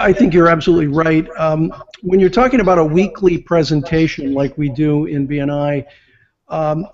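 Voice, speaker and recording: A man giving business advice as an interview guest, explaining step by step and acting out example phrases. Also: a little high. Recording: muffled lo-fi audio.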